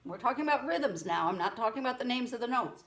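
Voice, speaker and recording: A woman's voice: fairly high pitch, lively intonation, fairly bright tone. A woman teaching a music lesson to children over a camera, chanting rhythm syllables. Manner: counts and chants rhythm syllables, slow and patient. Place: room with a keyboard. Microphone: camera mic.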